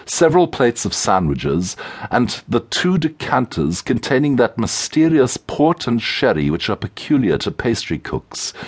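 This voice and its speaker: A man narrating an audiobook of classic short stories in an expressive storytelling manner. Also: on the low side, husky. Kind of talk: scripted narration.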